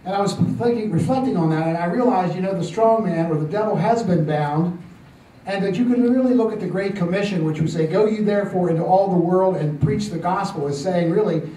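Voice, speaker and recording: A man's voice: high voice, distant mic. Older man telling a testimony in a roomy hall. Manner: halting, many fillers and restarts, gently amused. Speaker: church speaker telling a testimony. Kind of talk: storytelling testimony to a congregation. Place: church hall. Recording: roomy church recording from off-mic with faint ambience.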